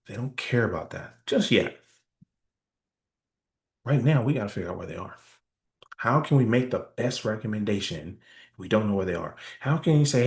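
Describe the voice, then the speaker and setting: Low-voiced man teaching sales, echoey. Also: animated, fairly quick. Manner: conversational, asks rhetorical "right?" often. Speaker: sales trainer. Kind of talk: workshop presentation.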